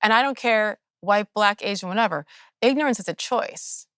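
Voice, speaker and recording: A woman's voice: medium pitch, a bit bright, clear, resonant tone, no echo, studio quality. Earnest woman hosting a podcast interview. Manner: earnest, measured, opinionated. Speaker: podcast host. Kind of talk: interview conversation.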